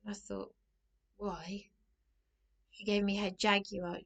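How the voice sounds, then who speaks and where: A middle-aged woman chats to camera in a loose, rambling way. Her voice has a gravelly fry, and she keeps breaking off and restarting in an anxious manner. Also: fairly low pitch, steady tone, a little slow. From England. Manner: anxious, rambling, self-interrupting. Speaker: vlogger. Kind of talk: casual storytelling to camera.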